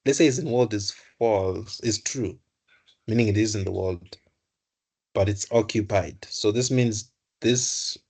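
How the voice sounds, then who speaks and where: A man's voice: fairly low pitch, darkish tone. A young man tutoring computer science, explaining code aloud, often correcting himself and repeating words. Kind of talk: live coding lesson.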